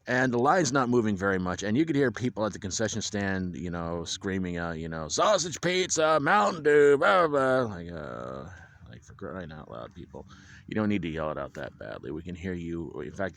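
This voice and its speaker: A man casually recapping a football game for his viewers outdoors in the wind, chatty and full of restarts and wry asides. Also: sits low. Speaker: vlogger recapping a high school football game. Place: outdoors at a stadium, windy.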